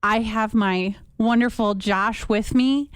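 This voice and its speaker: A woman telling her personal faith story conversationally, in an upbeat, chatty way, with lively quoted voices. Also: fairly high pitch, slow pace, clear, resonant tone, no room sound, clean studio sound. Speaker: radio guest sharing a testimony.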